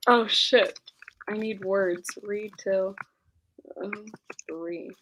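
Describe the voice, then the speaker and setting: A woman's voice: medium pitch, steady tone, extremely slow, a bit bright, a little hiss or hum. A young woman casually chatting on a livestream as host, reading comments aloud. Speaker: booktube host.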